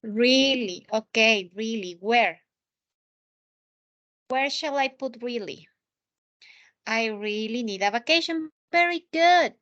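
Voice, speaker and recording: A high-pitched woman with a bright, clear tone teaches a live English lesson. She asks her students questions and praises their answers. She repeats key points to make them stick. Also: expressive, slow pace, long pauses, lo-fi sound.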